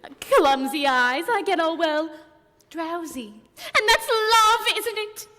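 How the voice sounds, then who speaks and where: A woman's voice: very high voice, lively intonation, takes it slowly, bright, forceful tone, full character voice. A woman playing a tipsy, grand chaperone. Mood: languid. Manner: languid, theatrical drawl. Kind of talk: amateur stage musical acting. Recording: reverberant stage hall with faint noise.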